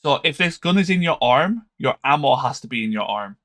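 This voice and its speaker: Male streamer, mid-pitched, sleepy, musing aloud over game choices. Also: animated, a little fast, a bit bright. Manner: thinking aloud, hesitant, trails off. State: tired, yawning. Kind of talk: casual game commentary.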